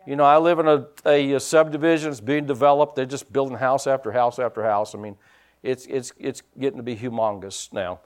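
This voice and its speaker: A man pastor preaching a sermon in a conversational way, dropping in frequent amens and moving between quiet asides and louder emphatic points. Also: medium pitch, steady tone, brisk.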